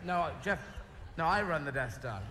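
A comedian voicing a pompous, grumpy Darth Vader in a live stand-up sketch, talking haughtily and swearing, recorded in an echoey hall with crowd noise. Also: male voice, on the high side, animated, normal speed, pitched below the performer's own voice, natural voice. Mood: haughty.

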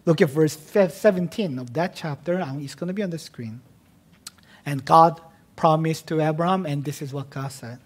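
A man's voice: fairly high pitch, moderate pace. Emphatic man preaching a sermon. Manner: emphatic, swings from loud declarations to hushed near-whispers; conversational asides amid teaching. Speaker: pastor. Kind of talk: expository sermon.

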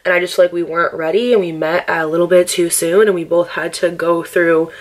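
Chatty young woman, lower voice. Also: fairly even intonation, fairly quick. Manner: chatty and candid, heavy with "like", swears freely; upbeat and affectionate, laughs often. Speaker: lifestyle vlogger. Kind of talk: casual get-ready-with-me chat.

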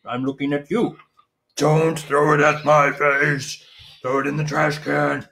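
A man's voice: a little high, little pitch movement, measured pace, creaky, bright, forceful tone. A man teaching young children music over a live stream from home, talking playfully and singing a silly song between explanations into a microphone on a stand.

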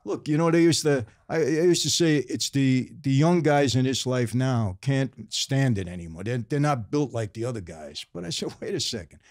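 A man's voice: medium pitch, lively intonation, moderate pace, hardly any pauses, a little mellow, no echo, studio quality. A man in his sixties with a New York accent, a guest speaking earnestly and emphatically in a casual interview, repeating points for stress.

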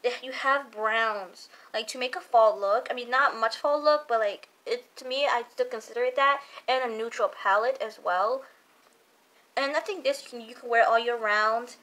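A woman's voice: fairly high pitch, normal speed, a bit bright. A young woman chatting casually as a makeup vlogger, gushing and repeating herself, full of fillers. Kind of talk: casual chat reviewing makeup.

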